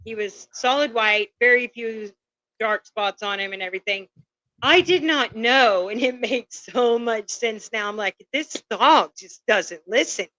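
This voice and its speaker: A woman's voice: a little high, measured pace, bright, forceful tone, no echo. A woman on a casual show, telling family stories and laughing often. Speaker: guest. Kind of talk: casual chat. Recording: muffled lo-fi sound.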